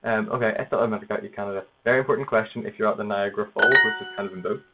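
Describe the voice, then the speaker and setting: A man casually narrating his own language practice, halting over foreign words and laughing at himself. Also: on the low side, steady tone. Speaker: language learner. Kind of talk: casual self-narrated study session. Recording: tinny phone-like noisy recording.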